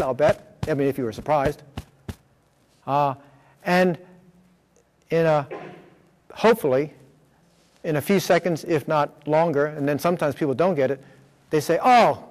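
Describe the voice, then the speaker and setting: A man's voice: on the high side, darkish tone. A man presenting a workshop with slides, explaining step by step with frequent fillers and check-ins. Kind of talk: lecture with slides. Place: school room. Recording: long hall reverb.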